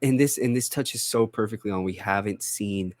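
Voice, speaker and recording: A young man co-hosting a podcast, talking through a show in a relaxed, enthusiastic way with lots of "dude" and "like". His voice sits somewhat low. The recording is dry and close. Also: normal speed, dry recording. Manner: laid-back, enthusiastic, says "dude" and "like". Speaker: podcast co-host. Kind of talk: casual review chat.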